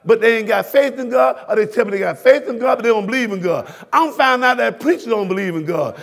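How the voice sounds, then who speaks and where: A man, a pastor preaching a sermon, swinging between hushed talk and shouted lines that he repeats to the congregation. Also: very high-pitched, lively intonation, fast, gravelly, hardly any pauses. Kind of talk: fiery sermon. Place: church sanctuary.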